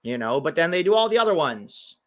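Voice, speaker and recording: A man's voice: fairly high pitch, sing-song, fairly quick, a bit bright, a little hiss or hum. Chatty American man riffing on soccer. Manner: chatty, sarcastic, riffs between live match reactions. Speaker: watch-along host. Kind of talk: casual live match watch-along commentary.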